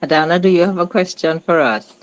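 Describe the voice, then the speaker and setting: A woman's voice: lowish voice, fairly quick. Woman host running a group chat, asks questions, calls on folks. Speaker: discussion moderator. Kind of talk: moderating group discussion.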